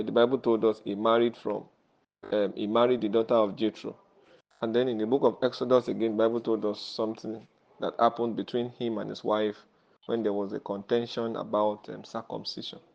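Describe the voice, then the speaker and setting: Gravelly male preacher, lo-fi audio. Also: medium pitch, darkish tone. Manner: repeats "are you there?" to check on listeners; halting, with many fillers and restarts. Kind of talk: sermon teaching. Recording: dull lo-fi audio.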